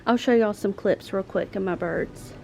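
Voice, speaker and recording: A woman chatting casually to her viewers from inside her home, relaxed, with ums and light laughs. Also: mid-range voice, normal speed, creaky, soft background music. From North Carolina, US. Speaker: homemaking vlogger.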